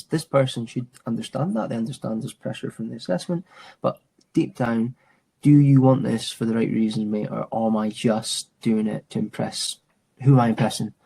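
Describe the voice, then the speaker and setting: With vocal fry, a warm tone, and a breathy edge, a medium-pitched man in his thirties chats through an interview. He's an outdoor instructor in mountain and adventure training who reflects casually, often saying "mate," with restarts and fillers.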